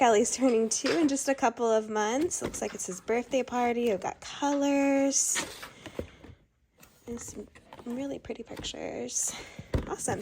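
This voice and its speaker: Breathless young mom chatting casually. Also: female voice, on the high side, vocal fry, noisy background. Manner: chatty, many ums and likes. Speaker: stay-at-home mom vlogger. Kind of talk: casual toy review chat.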